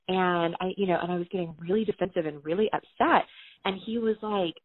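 A woman's voice: lowish voice, a little fast, no echo. A woman from the American South, a writer telling stories from her career in casual conversation and acting out quoted dialogue. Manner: animated, acts out quoted dialogue. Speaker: guest writer. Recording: tinny phone-like line.

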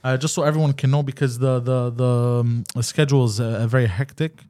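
A man's voice: medium pitch, steady tone, fast talker, dark tone. A man hosting a casual live podcast, talking loosely with slang and swearing. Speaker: podcast host. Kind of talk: casual live-stream chat.

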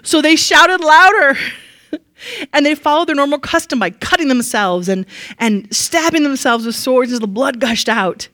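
A woman giving a casual, animated Bible lesson. She is chatty, laughs often and leans on fillers. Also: high voice, moderate pace, no room sound, studio quality. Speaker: Bible teacher.

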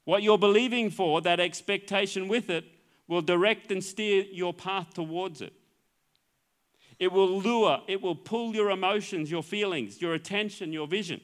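Middle-aged Australian male preacher with a high-pitched voice; earnest, stop-start sermon delivery. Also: normal speed, clear, resonant tone. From Queensland, Australia. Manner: earnest, repeats words and restarts phrases. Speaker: pastor.

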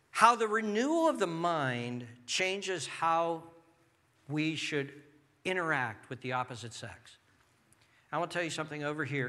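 A man preaching a sermon as pastor, animated and acting out people's inner thoughts. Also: on the high side.

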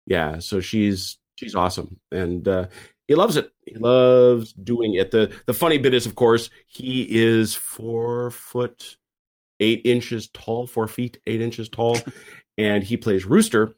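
A man's voice: medium pitch, slow, darkish tone. A man in casual podcast chat who tells a rambling story and often stops and restarts his phrases. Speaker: podcast panelist.

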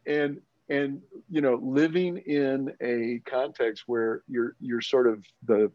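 A man's voice: mid-range voice, fairly even intonation, slow pace, dry recording. Male church leader, earnest storyteller, restarts often, muffled lo-fi dry recording. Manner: earnest, rambling, full of restarts. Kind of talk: conversational storytelling. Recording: muffled lo-fi audio.

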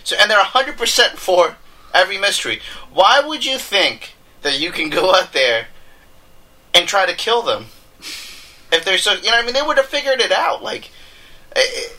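A young man co-hosting a casual podcast chat, animated and laughing, jumping up in pitch to make a point. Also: moderate pace, long pauses. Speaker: podcast co-host.

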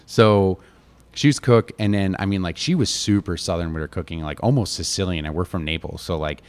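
A man from Connecticut, a chef and restaurant owner, telling family stories in a casual interview, animated and quoting his relatives, with lots of "like". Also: sits low, brisk, smooth. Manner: animated, quotes family members, heavy use of "like".

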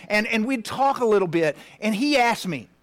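A man's voice: high voice, lively intonation, moderate pace. Heartfelt preacher man in his fifties. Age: 50s. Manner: heartfelt, drops to a hushed near-whisper at tender moments. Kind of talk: personal story in a sermon.

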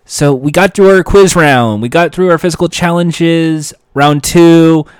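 A man narrating a story in a comedic way, animated and jokey, with self-correcting asides. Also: a little high, moderate pace, clear, resonant tone, no room sound, clean studio sound.

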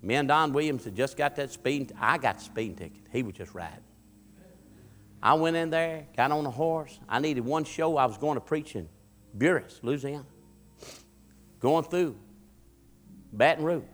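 Man, fervent folksy preacher, bright forceful higher voice, long hall echo. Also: moderate pace, pauses often, faint music behind. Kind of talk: sermon with a story.

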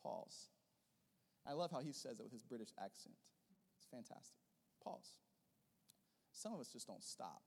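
A man preaching a sermon as a pastor, rising into loud emphatic bursts and then dropping into softer, quieter teaching. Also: mid-range voice, big pitch swings, fast, husky, long reverb tail.

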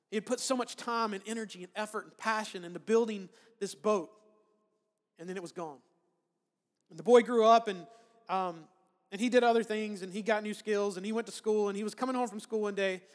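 In a large hall, a pastor with a high-pitched voice preaches a sermon conversationally. He frequently checks in with "right?" and keeps restarting his phrases.

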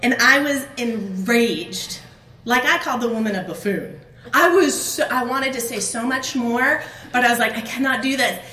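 A middle-aged woman telling a personal story as a conference speaker at a faith event, animated and acting out her own outbursts. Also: on the high side, moderate pace. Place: conference hall. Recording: echoey room with faint ambience.

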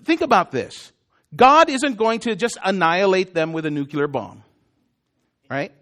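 A man with a strikingly high voice preaches a sermon. His delivery is casual and chatty, full of self-deprecating jokes and quick asides to the congregation. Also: animated, a bit bright. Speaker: pastor.

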